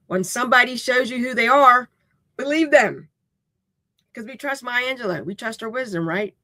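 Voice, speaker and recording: A woman's voice: fairly low pitch, dry recording. Woman host of a live-streamed writing lesson; raw, plainspoken, keeps asking "okay?". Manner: casual and direct, checks in with "okay?"; unapologetically raw way of speaking.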